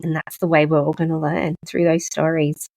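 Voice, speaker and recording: A woman hosts a casual podcast interview, asking questions in an earnest, effusive way. Her voice is low-pitched and somewhat dark, with a level tone and a moderate pace.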